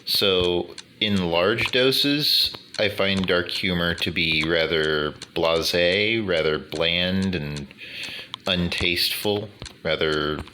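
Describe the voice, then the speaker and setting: Slow, low-voiced man rambling over gameplay. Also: bright, forceful tone, a little hiss or hum. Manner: slow, wordy, formal phrasing with many fillers. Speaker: gaming YouTuber.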